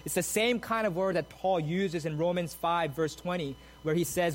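A man preaching a sermon, moving from steady explanation of the text to emphatic, soaring repeated phrases. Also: sits high, normal speed, hardly any pauses, rough recording. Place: church sanctuary.

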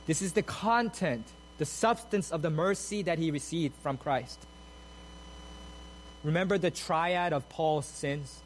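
A man delivers a sermon in a church sanctuary, his voice sitting notably high for a man. He explains the text in a measured teaching tone, then presses into emphatic, repeated phrases. A faint hum runs underneath. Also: low-quality recording. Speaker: preacher.

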